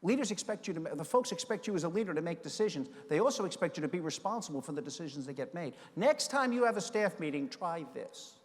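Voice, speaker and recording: An older man from the United States giving a storytelling keynote speech, animated and acting out the voices in his stories. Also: on the high side, quick pace, hardly any pauses. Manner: animated, acts out quoted voices. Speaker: keynote speaker. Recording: long reverb of a large hall.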